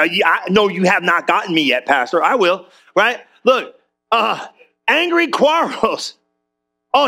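A man's voice: extremely high pitch, bright, forceful tone. A man preaching a sermon in a church, casual and joking with the congregation. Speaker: pastor.

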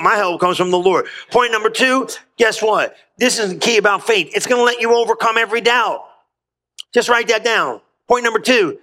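A man's voice: high voice, pushed and bright. A man preaching a sermon as a pastor in a church, rousing and folksy, calling out to his congregation for a response. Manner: folksy, colloquial phrasing.

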